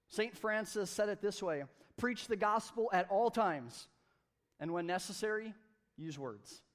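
A man preaching a sermon at a church service, energetic and conversational, with playful asides. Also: high voice. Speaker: pastor.

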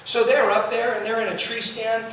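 A man preaching a storytelling sermon as a traveling youth preacher, animated and acting out the voices he quotes. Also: very high voice, slight background noise. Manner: animated, acts out quoted voices, quick asides. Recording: echoey hall, mic at a distance.

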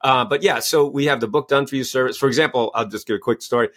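A man's voice: mid-range voice, fast, fairly bright tone. A man, a coach and author, answering interview questions with enthusiastic storytelling. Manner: enthusiastic, storytelling, acts out quoted voices. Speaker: guest, executive coach and author.

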